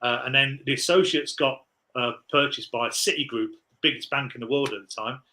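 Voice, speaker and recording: A man's voice: mid-range voice, a little fast, sharp tone, slight background noise, rough recording. A man in his forties, a podcast guest, telling rambling, laughing anecdotes in casual chat.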